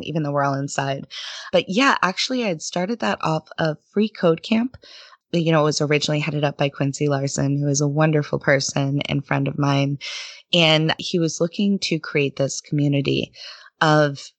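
A woman's voice: low-pitched, no room sound. A woman guest on a podcast, chatting casually and animatedly, laughing often and slipping into quoted voices as she tells stories. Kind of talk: casual interview conversation.

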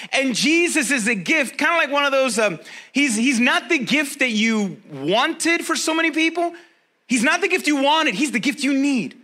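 A man's voice: extremely high pitch, pushed and bright. A man preaching a sermon as a pastor, talking straight to his listeners in a conversational way and driving points home with repetition.

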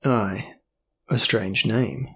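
A deliberate, probing duke who has explored much of the world, read by a man. The voice is gravelly and husky. The speech is unhurried and courteous. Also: fairly low pitch, full character voice. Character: curious, cunning male explorer duke. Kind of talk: audiobook character reading.

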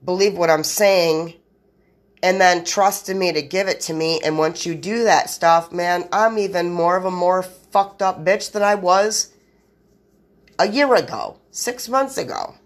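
A woman's voice: fairly low pitch, a little slow. A woman hosting a solo podcast, rambling in blunt, profane run-on sentences straight to her listeners. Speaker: podcast host.

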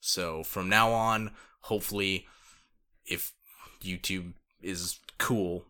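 A man's voice: sits low, steady tone, slow, sharp tone. A young man co-hosting a podcast, chatting casually in a laid-back way with dry asides. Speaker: podcast co-host. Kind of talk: casual chat.

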